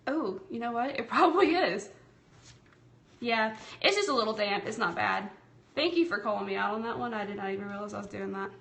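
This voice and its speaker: Speaking through a tablet streaming app, this craft livestream host from Tennessee has a Southern accent and a mid-range, creaky, fairly bright voice that moves fairly quickly. She's chatty and friendly, talking to her y'all viewers while working through a casual live tutorial.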